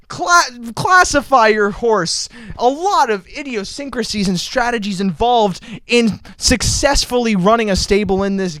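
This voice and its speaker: High-voiced goofy teenage host. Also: male voice, fairly bright tone, clear, resonant tone, dry recording, studio quality. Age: teens. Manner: goofy, rambling, self-mocking. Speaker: podcast host. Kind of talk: joking podcast chat.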